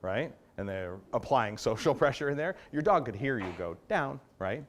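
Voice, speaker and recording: A man's voice: mid-range voice, animated, a little fast, slight background noise. A man, a dog trainer, giving a conversational workshop talk, explaining and often checking in with his listeners. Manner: acts out commands in varied tones. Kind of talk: workshop lecture.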